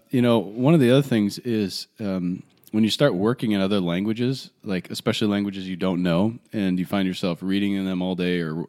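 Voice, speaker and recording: Animated young man telling a story. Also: fairly low pitch. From Colorado, USA. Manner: animated storytelling, self-mocking, laughs often. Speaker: podcast co-host. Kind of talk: casual chat.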